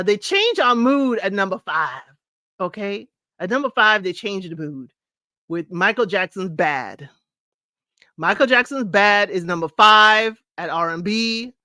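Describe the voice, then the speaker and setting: A chatty middle-aged woman hosts a laid-back talk show, breaking into snippets of songs between her remarks. Her voice sits at an ordinary pitch and is recorded close and dry, with no room sound. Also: animated, a little slow, sharp tone, no room sound. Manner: chatty, sings snippets, laughs often. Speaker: podcast host. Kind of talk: casual chat counting down music.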